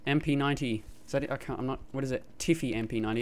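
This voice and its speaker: A man giving live gameplay commentary through a gaming headset, excitable and quick to yelp and laugh in fights. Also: mid-range voice. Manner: excitable, frequent yelps and laughs during fights. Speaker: gamer.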